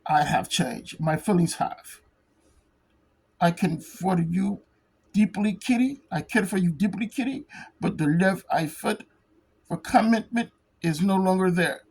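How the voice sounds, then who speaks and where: Woman doing a grave, gentle giant of a man. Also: on the low side, unhurried, creaky, breathy edge, full character voice, low-quality recording. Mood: solemn. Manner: reading comic dialogue aloud. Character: gentle, solemn giant of a man with a Russian farm upbringing.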